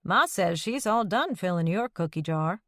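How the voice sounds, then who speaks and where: A woman's voice: fairly low pitch, expressive, normal speed, a bit bright, no echo, clean studio sound. A woman voicing a mischievous younger brother who teases in a jokey way. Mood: teasing. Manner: teasing, jokey.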